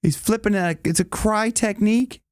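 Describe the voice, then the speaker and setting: A man's voice: high-pitched, moderate pace, clean tone, dry recording, studio quality. A male vocal coach explaining singing technique in a casual, enthusiastic, rambling way. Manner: enthusiastic, rambling, with many restarts and sung demonstrations.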